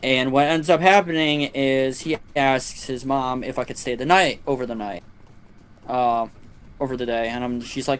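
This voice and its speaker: A man's voice: medium pitch, moderate pace, clean tone. A man streaming a game, telling a long anecdote in casual chat, with lots of swearing and voices for the people in his story. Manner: profane, animated anecdote-telling with quoted voices. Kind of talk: casual storytelling while gaming.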